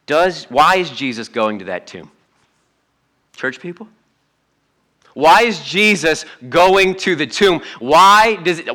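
A man preaching a sermon to his church in a conversational, animated way, with joking asides. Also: a little high. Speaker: pastor.

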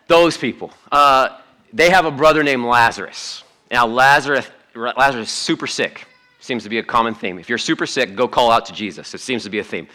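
A man preaching a sermon to his church in a conversational, animated way, with joking asides. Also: mid-range voice, brisk. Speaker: pastor.

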